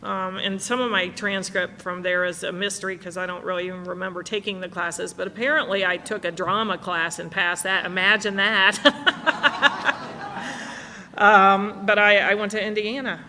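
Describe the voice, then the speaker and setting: A woman's voice: medium pitch, fairly even intonation, fairly quick, hardly any pauses, sharp tone, slight background noise. A middle-aged woman telling her story to a recovery meeting, candid and self-mocking. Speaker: speaker sharing at a recovery meeting. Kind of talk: personal story talk. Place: conference hall. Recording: live hall recording with long reverb.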